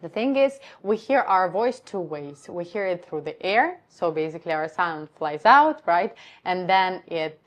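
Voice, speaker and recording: A woman voice coach giving a live-streamed lesson on how the voice works, explaining calmly and step by step. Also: fairly low pitch, a little slow, few pauses.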